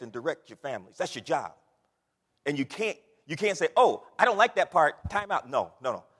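A male pastor preaching a sermon with passion, swinging from quiet asides to loud cries. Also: mid-range voice. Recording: long reverb of a large hall.

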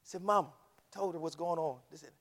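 A man preaching a sermon, swinging from hushed storytelling to shouted climaxes. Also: on the high side, brisk. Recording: long reverb of a large hall.

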